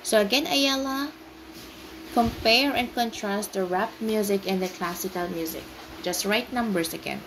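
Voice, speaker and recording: A woman's voice: mid-range voice, moderate pace, background noise. A woman teaching an online English class, patiently explaining words and breaking them into syllables. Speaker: ESL teacher.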